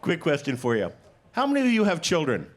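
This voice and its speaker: A middle-aged man doing a stand-up comedy set, playful with deadpan punchlines, acting out both sides of conversations on stage. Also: on the high side, a little fast, slight background noise. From Canada. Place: comedy stage before a live audience.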